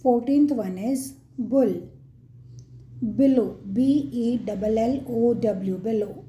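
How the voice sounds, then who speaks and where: A woman's voice: on the high side, takes it slowly, mellow, dull audio, slight background noise. A woman with an Indian English accent hosting a children's lesson, naming animal sounds and spelling each word out letter by letter. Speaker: kids' channel host.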